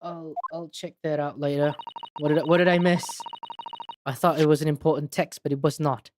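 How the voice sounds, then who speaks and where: A woman's voice: low-pitched, steady tone, moderate pace, a little mellow. A woman streaming a game, chatting casually and giggling often. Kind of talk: casual game-playing chat.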